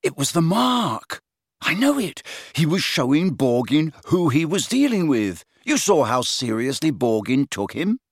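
A man's voice: mid-range voice, animated, unhurried, no echo, studio quality. A man voicing a stubborn teenage boy insisting on his suspicions. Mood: insistent.

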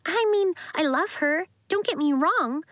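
A woman's voice: very high-pitched, lively intonation, a little slow, a bit bright, no room sound, voice pushed up, full character voice. A woman voicing an earnest young girl who is fond of her pet.

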